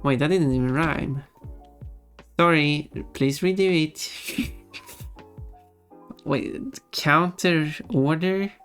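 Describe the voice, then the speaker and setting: A livestreamer chatting casually with viewers, musing aloud and laughing often. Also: mid-range voice. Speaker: livestreamer reading chat. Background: faint background music.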